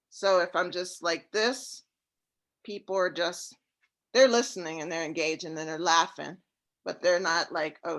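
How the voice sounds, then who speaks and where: A woman on a coaching call, talking in a laid-back, fairly monotone way about her trouble closing deals. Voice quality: even, fairly monotone delivery. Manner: laid-back, relaxed and low-key. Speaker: real estate syndicator seeking coaching.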